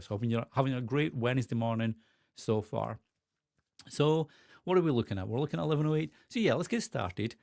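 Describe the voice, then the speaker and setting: A man's voice: medium pitch, darkish tone, dry recording, studio quality. A man hosting a live stream, chatting loosely with viewers, full of fillers and restarts. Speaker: live stream host, podcast support lead. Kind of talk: casual live stream chat, greeting viewers.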